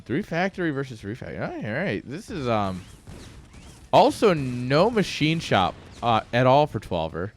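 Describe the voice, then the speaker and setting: A mid-range male voice with wildly swooping pitch talks at normal speed over faint background music. It belongs to an esports caster streaming a strategy game, who wanders off-topic, cracks self-mocking jokes and chuckles at himself.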